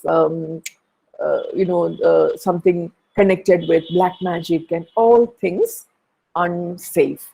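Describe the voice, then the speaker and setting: A woman's voice: fairly low pitch, gravelly, mellow, rough recording. A woman giving a literature lesson, explaining a play and reading out quoted lines, with frequent hesitations and fillers. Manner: hesitant, many fillers and restarts. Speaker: literature teacher.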